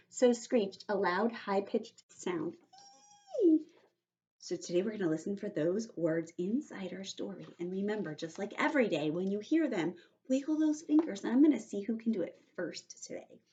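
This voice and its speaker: A patient woman teacher reads aloud to young children, explaining vocabulary slowly and often asking "right?" Her voice sits at a middle pitch. The recording is dull and lo-fi. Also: mellow.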